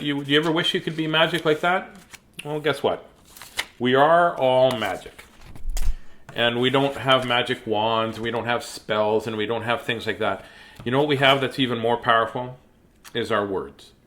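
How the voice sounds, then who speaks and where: A man who hosts a children's reading show, speaking gently and earnestly to young viewers about kindness, with pauses and filler words. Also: medium pitch. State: choked up. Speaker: children's story reader and host. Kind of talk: reading aloud to kids, then heartfelt talk.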